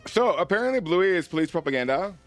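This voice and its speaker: A man's voice: sits high, big pitch swings, fast. A man livestreaming, chatting casually and playfully with his viewers in a rambling way. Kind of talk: casual chat over a live broadcast.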